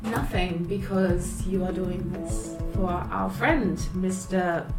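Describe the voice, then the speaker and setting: A woman playing a tabletop game in character, speaking in a polite, deliberate way. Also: on the low side, steady tone. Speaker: player. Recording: roomy, distant mic with music.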